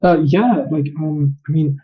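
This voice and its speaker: A man being interviewed as a trading guest, explaining his views calmly. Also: on the high side, measured pace. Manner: calm, explanatory. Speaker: trader guest. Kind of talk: interview answers. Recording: dull lo-fi audio.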